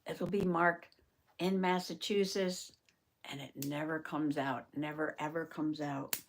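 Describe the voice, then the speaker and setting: A woman's voice: deep voice, fairly even intonation, unhurried. A woman hosting a casual live journaling chat from her craft table, chatting to viewers by name and laughing often. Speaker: journaling channel host.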